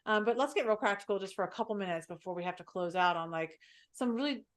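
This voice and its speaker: A woman's voice: medium pitch, fast. A woman hosting a podcast, talking openly and reflectively in a casual way with lots of fillers. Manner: reflective and open, filler-heavy speech. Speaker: podcast host. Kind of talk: candid conversational podcast chat.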